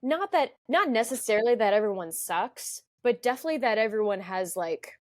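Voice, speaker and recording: A woman's voice: a little high, animated, fairly quick, no room sound. A woman co-hosting a movie podcast in casual chat, with dry, wry remarks. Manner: dry, wry, brief interjections. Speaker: podcast co-host.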